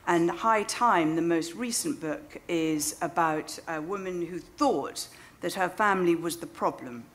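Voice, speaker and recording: A woman's voice: on the low side, a little slow. A woman in her fifties telling a self-deprecating, wry story to a live audience. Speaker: speaker at a storytelling event. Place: stage before an audience.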